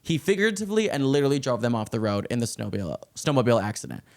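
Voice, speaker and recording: A man excitedly breaking down celebrity gossip in a vlog, gushing and reading song lyrics aloud. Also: mid-range voice, very fast, gravelly. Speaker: pop culture commentator.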